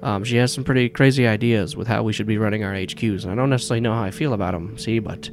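A man's voice: fairly low pitch, very fast, slight background noise, lightly acted. A man voicing a stoic, fatherly older leader with a slight New York accent who talks out of the side of his mouth around a cigar. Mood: genial. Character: stoic paternal older male headquarters leader.

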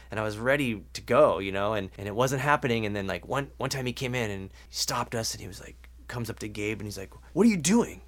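A middle-aged man hosting a podcast in casual chat, swearing freely and acting out the people in his stories. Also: lowish voice. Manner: swears freely, acts out quoted people in animated voices. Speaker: podcast host.

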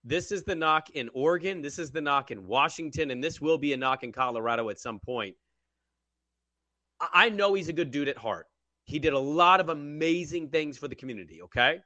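A man's voice: fairly high pitch, lively intonation, fairly quick, bright, forceful tone, no room sound. A man hosting a sports talk show, bluntly mocking what he has just heard. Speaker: radio sports host.

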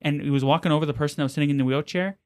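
A man's voice: a little high, steady tone, rapid-fire, a little mellow. A man co-hosting a podcast, telling a story in a rambling, casual way with lots of fillers. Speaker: podcast co-host. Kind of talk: casual chat.

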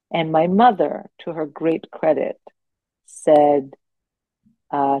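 Woman, forties, comedian, low-pitched voice, dry close sound, animated storytelling. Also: unhurried, no room sound, poor audio. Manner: animated, expressive anecdotes with frequent restarts. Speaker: guest comedian. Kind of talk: casual podcast chat, storytelling.

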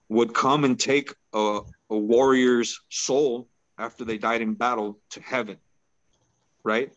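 A man's voice: mid-range voice, a bit bright, dry recording, dull audio. A man as a podcast guest, telling a personal story in a laid-back, casual way and peppering his talk with "bro" and "right?".

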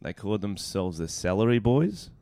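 A young man, a comedian co-hosting a podcast, telling stories in a lively, swearing way with bursts of laughter. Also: fairly low pitch, moderate pace, dry recording, clean studio sound. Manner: swearing, animated storytelling with laughs. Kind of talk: casual chat.

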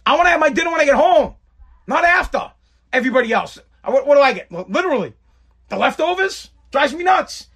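A man's voice: very high-pitched, animated, fast talker, fairly bright tone. A man in his thirties hosting a podcast, ranting casually with plenty of swearing and repetition. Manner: ranting, profane, repeats himself. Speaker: podcast host. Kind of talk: casual rant.

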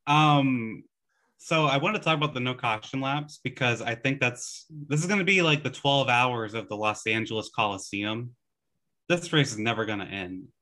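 A man's voice: medium pitch, normal speed, sharp tone. A man co-hosting a podcast in casual chat, easygoing and often hedging with "I don't know.". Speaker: podcast co-host.

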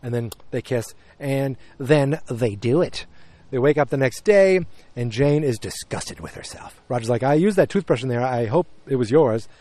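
A man's voice: medium pitch, expressive, moderate pace, mellow, no room sound. Rambling man recapping a show, dry sound. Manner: rambling retelling full of fillers and quoted dialogue. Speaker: podcast host recapping a TV episode. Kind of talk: casual chat.

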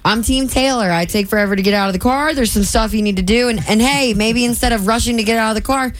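A woman co-hosting a morning radio show, playful and quick to laugh. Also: fairly high pitch. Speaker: radio co-host.

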